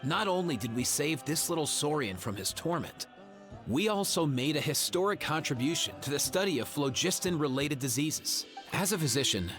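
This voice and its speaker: A man's voice: on the high side, expressive, normal speed, fairly bright tone. A man voicing a friendly young male physician in a game, speaking in a casual, comforting way. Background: game music.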